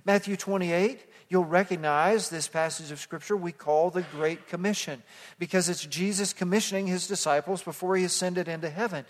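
A man preaching an expository sermon as pastor, moving from hushed passages to loud emphatic calls that the congregation repeats. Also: high-pitched, fairly even intonation, normal speed. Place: church sanctuary. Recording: long hall reverb.

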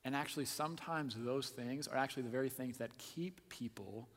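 A man preaching a sermon, asking the listeners direct questions and swinging between hushed asides and loud emphasis. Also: medium pitch, fairly quick. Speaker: pastor. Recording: long hall reverb.

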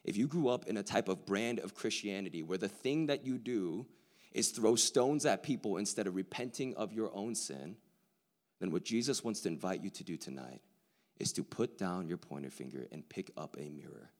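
A male preacher giving a sermon in a large hall with hundreds of people, swinging from a hushed near-whisper to loud excitement, with casual slang. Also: fairly low pitch, moderate pace.

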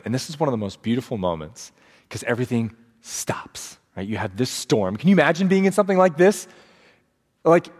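A man preaching a sermon as pastor, storytelling with energy and acting out the quotes in changing voices. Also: fairly high pitch. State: sleep deprived. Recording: long hall reverb.

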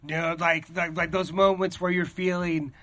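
Animated, profane man in dry sound. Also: high-pitched, normal speed, no echo, faint music behind. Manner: animated, profane, acts out quoted voices. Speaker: stand-up comedian, podcast guest. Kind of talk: casual chat.

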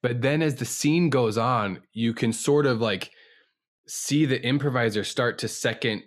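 A man's voice: medium pitch, unhurried. A man, an improviser co-hosting a podcast, talking earnestly and reflectively about improv. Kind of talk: casual chat reviewing an improv show.

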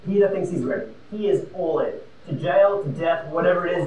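A man preaching a sermon, emphatic and conversational, swinging between loud and quiet. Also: high-pitched, brisk, hardly any pauses, a little hiss or hum. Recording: roomy and distant with faint ambience.

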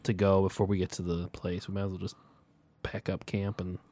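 A man who plays in a tabletop game and jokes lively with the group. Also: sits low, a little fast. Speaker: player. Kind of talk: casual tabletop role-play.

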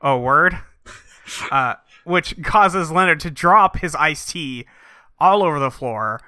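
Snarky bright-voiced podcast co-host man. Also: a little high, animated, slow pace, no room sound, studio quality. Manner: snarky, mocking, giggly. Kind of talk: comedic book recap chat.

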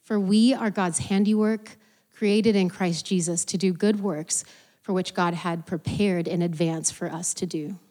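Low-voiced woman reading scripture. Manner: steady, measured reading. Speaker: scripture reader.

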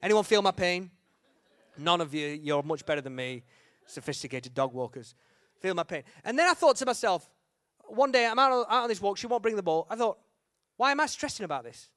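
High-voiced animated preacher man. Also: brisk, no echo, studio quality. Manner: humorous, animated, shouts and acts out quotes. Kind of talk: storytelling sermon.

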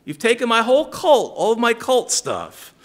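A man's voice: sing-song, normal speed, fairly bright tone. A preacher voicing a wronged, whining man. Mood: indignant. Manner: indignant, high-pitched complaining. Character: aggrieved man robbed of his idols, whiny.

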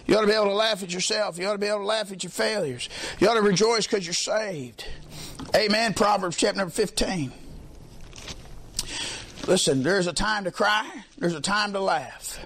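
A preacher with a high voice for a man delivers a folksy sermon, dropping "amen" after nearly every thought and drawing answers from the pews. His delivery climbs into shouted peaks, with a faint hum of noise behind him. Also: normal speed. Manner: colloquial, peppers lines with "amen", swells into shouts. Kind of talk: sermon with congregation call-and-response.

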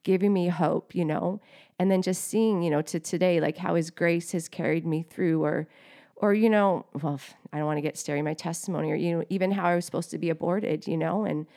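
A woman's voice: on the low side, fairly even intonation, brisk, gravelly, mellow. A woman co-hosting a faith podcast, sharing her testimony in a heartfelt, emotional way with many fillers. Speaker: co-host.

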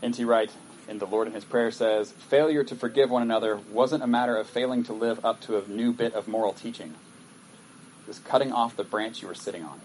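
A man's voice: on the low side, a little fast, a little mellow, slight background noise, rough recording. A male pastor giving a sermon in a conversational way, reading scripture aloud and breaking off to comment on it. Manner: conversational, reads scripture aloud with acted asides.

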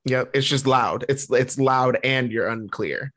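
A man co-hosting a podcast in casual chat, animated and laughing often. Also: mid-range voice, unhurried. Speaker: podcast co-host.

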